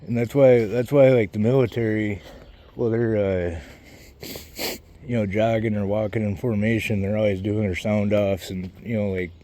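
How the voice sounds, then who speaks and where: A man's voice: fairly low pitch, fairly even intonation, normal speed, warm tone. A man vlogging while he walks outdoors, rambling and swearing a lot, losing his train of thought and a little out of breath. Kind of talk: rambling casual vlog while walking outdoors. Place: outdoors on a walk, birds around.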